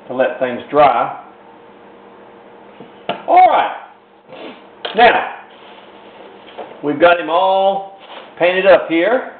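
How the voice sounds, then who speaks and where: Slow rambly guy showing how to paint, folksy, sounds like a tinny echoey home video. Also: medium pitch. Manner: folksy, rambling, repeats "in other words". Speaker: painting instructor. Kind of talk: step-by-step painting demonstration. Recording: roomy, tinny lo-fi with faint hiss.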